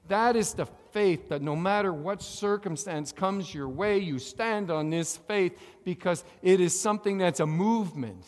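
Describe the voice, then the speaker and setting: A pastor preaching a sermon to his congregation, calling for amens and having them repeat lines after him, moving between loud emphatic phrases and quiet asides. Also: a little high, in a large hall. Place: church sanctuary.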